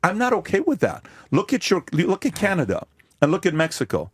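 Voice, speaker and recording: An American man makes his case in a heated podcast debate, hammering points with rhetorical questions. His pitch leaps up and down as he pushes, with a slightly husky edge to the voice. The sound is close and dry. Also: wildly swooping pitch, brisk, no room sound. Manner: forceful, emphatic, rhetorical questions.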